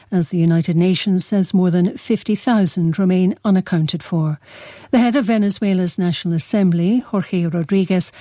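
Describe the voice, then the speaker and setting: A woman newsreader reading a news bulletin in a measured, formal way. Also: fairly low pitch, warm tone, no echo, studio quality.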